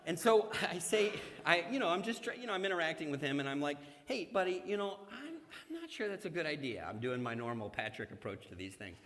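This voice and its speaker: A man's voice: medium pitch, pushed and bright. A middle-aged male pastor preaching a sermon in a church sanctuary, mixing scripture with humorous personal stories in a conversational way. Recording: long church hall reverb.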